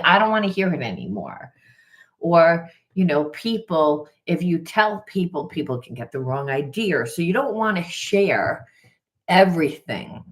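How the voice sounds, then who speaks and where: A woman spiritual coach talking through a tarot reading in an earnest, conversational way, often repeating herself. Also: on the low side. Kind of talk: casual tarot reading monologue.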